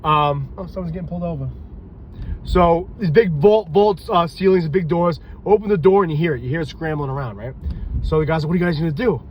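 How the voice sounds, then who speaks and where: This reptile breeder and cop is tired and loopy, telling rambling, profane, animated stories for a casual vlog outside by a street. He talks briskly in a highish voice, captured in lo-fi sound with slight hiss or hum.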